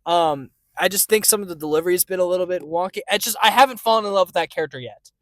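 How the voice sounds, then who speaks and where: A man's voice: high voice, racing, fairly bright tone, no echo. A man co-hosting a movie podcast, casual and easygoing, with many fillers. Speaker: podcast co-host. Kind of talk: casual chat.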